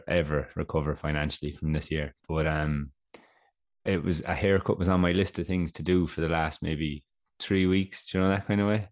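A young man co-hosting a podcast in casual chat, sounding stuffed up, telling stories and laughing often. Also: extremely low pitch. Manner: chatty storyteller, laughs often. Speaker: podcast co-host.

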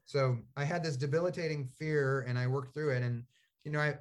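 Speaking fairly quickly at a medium pitch, a man who is an author and interview guest talks casually. He rambles in a storytelling manner, often using fillers and restarting his thoughts.

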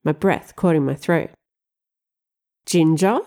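A woman narrating a first-person audiobook in a wry, expressive storytelling manner. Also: on the low side, normal speed.

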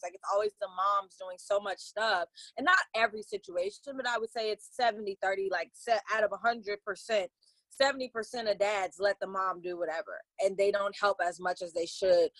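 A young woman co-hosting a podcast in casual chat, animated and slangy, often acting out quotes. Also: mid-range voice, no room sound, poor audio. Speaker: podcast co-host.

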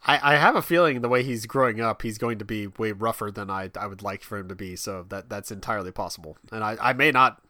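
A man in his thirties chatting casually, wry and laughing often, his voice trailing off quietly at the ends of thoughts. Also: on the low side, quick pace, hardly any pauses, no echo, clean studio sound. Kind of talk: casual chat.

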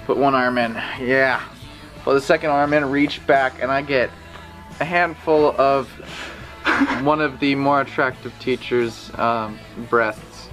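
A man's voice: mid-range voice, fairly even intonation, slow pace, fairly bright tone, soft background music, poor audio. A young man co-hosting a podcast, chiming in with crude, teasing banter. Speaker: podcast co-host. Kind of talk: casual banter.

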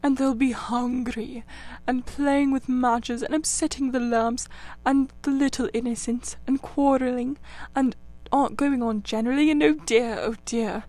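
A woman's voice: fairly high pitch, a little slow, darkish tone. A woman voicing a conceited male toad disguised as a washerwoman, sobbing and pleading in a storybook reading. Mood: tearful.

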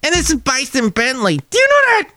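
Squeaky excitable sidekick, very high and loud. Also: male voice, a little fast, no room sound, studio quality, heavily acted. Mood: excited.

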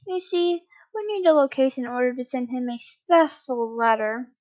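A woman's voice: high-pitched, animated, darkish tone, muffled recording. A woman putting on a smug, taunting male villain. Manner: mocking, drawn-out taunting.

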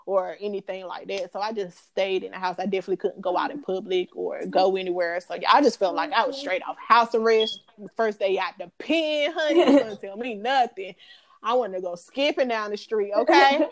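Laughing woman podcast co-host. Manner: laughs often, loud high-pitched laughter; casual Southern-style slang, addresses listeners as y'all. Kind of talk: casual chat.

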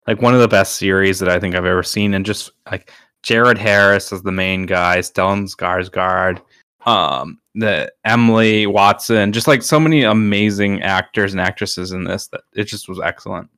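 A man's voice: deep voice, normal speed, fairly bright tone, smooth, no room sound, studio quality. A man co-hosting a podcast, chatting casually and rambling with lots of filler words. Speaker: podcast co-host. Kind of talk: casual chat.

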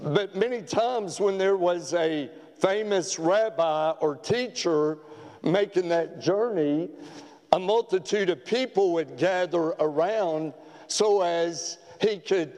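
Folksy preacher in a reverberant church. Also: male voice, high voice, slow. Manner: folksy storyteller with gentle humor. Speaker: pastor. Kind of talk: sermon. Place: church sanctuary. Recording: long church hall reverb.

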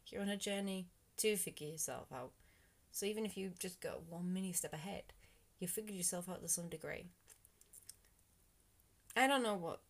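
Earnest British woman, lower voice. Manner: earnest, rambling, motivational, sometimes drops to a whisper. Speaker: podcast host. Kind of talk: reflective solo podcast monologue.

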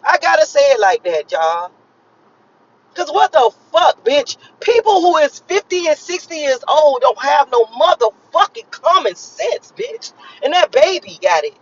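A woman's voice: high voice, a little hiss or hum. Woman from miami going off to the camera, cussing a lot, says stuff over and over, kinda muffled lo-fi sound. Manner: profane, emphatic, repeats herself for emphasis. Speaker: vlogger. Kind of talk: casual rant to camera. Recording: slightly lo-fi recording.

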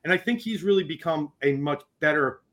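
A man's voice: on the high side, expressive, fairly quick, a bit bright. A man co-hosting a sports podcast, breaking down play earnestly with a few fillers. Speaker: podcast co-host. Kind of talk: casual sports talk.

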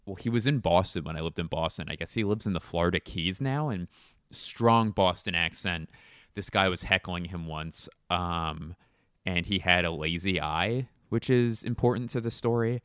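A man's voice: low-pitched, fairly bright tone, smooth, no room sound, studio quality. A man in his thirties, a stand-up comedian, telling rambling, profane stories with lots of fillers. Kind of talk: casual storytelling chat.

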